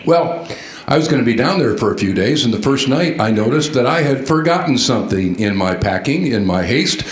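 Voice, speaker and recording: A man giving a storytelling keynote at a conference, animated and quizzing the audience with questions. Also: medium pitch, a little fast. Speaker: conference speaker. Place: large conference hall. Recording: echoey hall sound.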